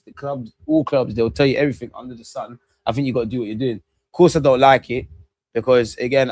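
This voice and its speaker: A man's voice: medium pitch, darkish tone. A man, rambling through casual live football watch-along commentary with slangy banter. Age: 30s.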